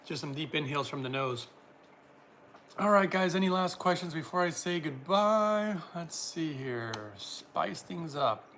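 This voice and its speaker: Speaking a little slowly, a man hosts a relaxed livestream where he reads viewer comments aloud and answers every one. He's chatty and friendly, laughing often. His somewhat high voice rings very bright and forward over a faint hiss of room noise.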